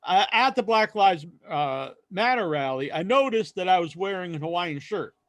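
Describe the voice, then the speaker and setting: Man, podcast co-host, casual storytelling, slightly high voice, dry close sound. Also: expressive, moderate pace, dry recording, dull audio. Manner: rambling storyteller, acts out quoted voices loudly. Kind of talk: casual chat.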